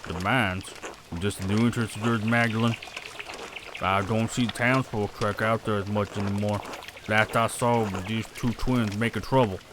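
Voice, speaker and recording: A man voicing a gruff older village charcoal burner in a put-on rustic, folksy storytelling voice for a game read-aloud. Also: lowish voice, fairly even intonation, normal speed, background noise, natural voice.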